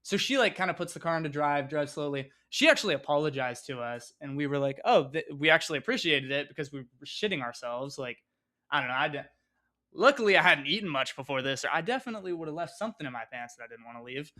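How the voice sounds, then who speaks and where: Young male vlogger with a fairly high voice, rambling casual storyteller who swears freely. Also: expressive, fast, pushed and bright.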